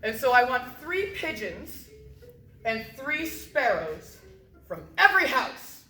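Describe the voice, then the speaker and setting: A woman's voice: high-pitched, very animated, slow, bright, forceful tone, faint music behind, heavily acted. A woman voicing a vengeful widowed queen who speaks with false, coy politeness. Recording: roomy echo.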